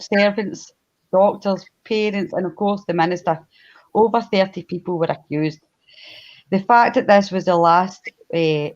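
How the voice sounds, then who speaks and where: A Glaswegian woman from Scotland co-hosts a live stream, telling a history story in a chatty way, laughing often and greeting the chat. Her voice is fairly low and a little mellow. The audio is dull.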